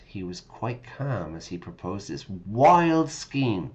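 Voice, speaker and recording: A man's voice: low voice, lively intonation, a little slow, hardly any pauses, a little mellow, lo-fi sound. A man reading game text aloud and patiently explaining words to English learners, often checking in with listeners. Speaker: English teacher streaming a game.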